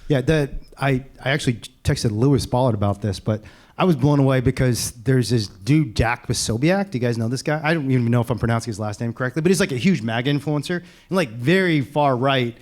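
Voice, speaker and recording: A man speaking on a panel as an animal rights activist, animated and laughing as he tells stories. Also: mid-range voice. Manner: animated, fast, laughing storyteller. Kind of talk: casual panel talk.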